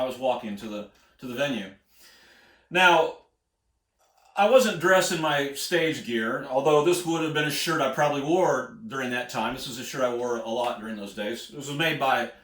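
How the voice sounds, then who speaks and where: In an echoey room, a US singer-songwriter with a mid-range, fairly bright voice spins a meandering tale from the road. He keeps it casual and folksy, chuckling often.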